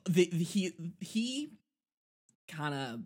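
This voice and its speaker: A man's voice: sits high, very animated, takes it slowly. A man co-hosting a podcast, chatting casually about a film in a rambling, self-mocking way and laughing often. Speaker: podcast co-host. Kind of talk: casual film-review chat.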